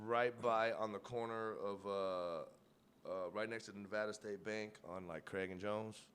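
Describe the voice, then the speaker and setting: A man's voice: lowish voice, steady tone, a little slow, fairly bright tone, slight background noise. A man co-hosting a podcast, telling loose, profane stories in casual chat and laughing often. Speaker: podcast co-host.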